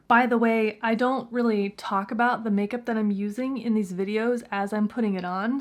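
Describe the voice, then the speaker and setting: Chatty, playful woman host. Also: mid-range voice. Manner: playful, chatty, jokey asides. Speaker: true crime host. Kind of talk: casual true crime storytelling.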